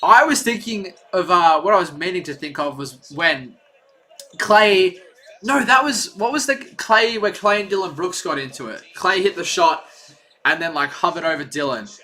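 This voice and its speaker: A young man from Australia, hosting a casual live play-by-play stream and talking in a chatty, rambling, excitable way. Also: high voice, normal speed. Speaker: livestream play-by-play host.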